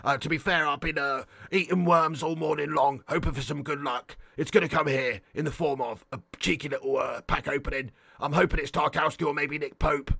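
A man putting on a gruff English football manager with a low, gravelly put-on voice. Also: steady tone, fairly quick, hardly any pauses, sharp tone, dry recording, heavily acted.

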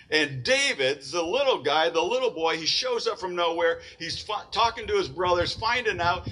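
A man's voice: high voice, expressive, normal speed, few pauses, bright, forceful tone, poor audio. A man preaching a sermon in a church, retelling a Bible story in casual everyday words. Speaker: pastor.

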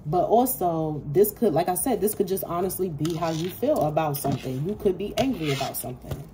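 A woman's voice: fairly low pitch, expressive, a little fast, noisy background. A woman giving a casual tarot reading to her viewers, talking bluntly and swearing freely. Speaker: tarot reader.

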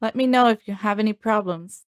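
A woman reading short practice sentences slowly and clearly for language learners. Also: medium pitch, no room sound, studio quality. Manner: clear, measured enunciation. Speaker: native-speaker model voice. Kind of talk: slow repeated phrase reading for learners.

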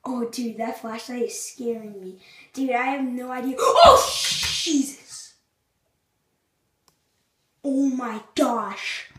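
High-voiced jittery woman in an echoey bathroom. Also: measured pace. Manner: jittery, excitable, drops to hushed tones. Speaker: vlogger. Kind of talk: casual video narration. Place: small bathroom, lights off. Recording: echoey bathroom, faint noise.

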